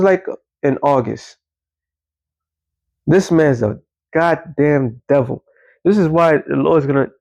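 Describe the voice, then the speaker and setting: Male commentator, emphatic and rambling, mid-pitch voice, dry close sound. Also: a little mellow, no room sound, poor audio. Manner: emphatic, rambling, with self-corrections. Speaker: online commentator. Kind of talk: casual religious commentary.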